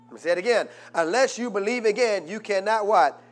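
Man, pastor, high voice, fervent call-and-response sermon, loud peaks and quiet asides. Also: lively intonation, a little fast, soft background music. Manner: rises to loud preaching, asks congregation "what?".

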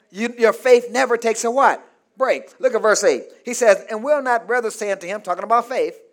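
A man preaching a sermon in call-and-response style, asking the congregation to finish his sentences and swinging between shouts and low murmurs. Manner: call-and-response, asks the congregation to fill in words.

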